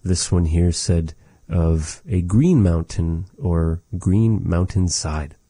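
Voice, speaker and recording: A man teaching vocabulary in a casual lesson, repeating each word slowly with chatty asides. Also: low-pitched, dark tone, no room sound. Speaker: language teacher.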